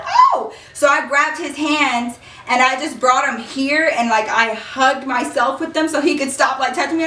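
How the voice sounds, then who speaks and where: A woman's voice: fairly high pitch, a bit bright, echoey room, recorded from a distance. A young woman in a storytime vlog, animatedly telling a personal story and acting out the dialogue. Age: young adult. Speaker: vlogger.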